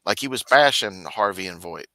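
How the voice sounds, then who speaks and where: A man's voice: fairly low pitch, normal speed, no echo. A man in casual chat on a live stream, telling stories and mimicking others. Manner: animated storytelling, mimics others in raised voice.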